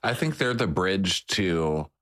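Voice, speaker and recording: Wry low-voiced man chatting casually. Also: expressive, slow pace, fairly bright tone. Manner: wry, mocking, mimics people in high voices. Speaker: podcast co-host. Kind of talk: casual chat about reality TV.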